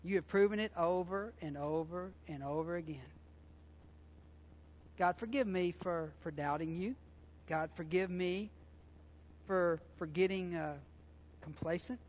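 A man's voice: high-pitched, fairly even intonation, a little slow, pauses often. A man preaching a sermon as pastor, impassioned and conversational, repeating phrases and using informal, folksy grammar.

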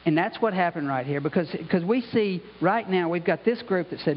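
High-voiced pastor in a reverberant church. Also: male voice, lively intonation, fairly quick, hardly any pauses, slight background noise. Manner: conversational, repeats "you know" and "okay". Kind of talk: sermon. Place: church sanctuary. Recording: dull sound with long hall reverb.

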